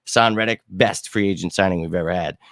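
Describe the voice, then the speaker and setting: A middle-aged man hosting a fan live stream, chatting casually with viewers in an excitable, slangy way and bursting into shouts now and then. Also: low voice, quick pace, dry recording, studio quality. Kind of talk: casual live chat answering viewer comments.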